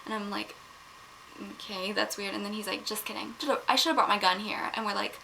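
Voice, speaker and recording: A teenage girl telling a storytime vlog in a casual chatty way, filling her talk with "like" and getting loud and indignant as she retells. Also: medium pitch, brisk, vocal fry, a little hiss or hum, low-quality recording. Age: teens. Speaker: vlogger. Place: home, at one point in a bathroom.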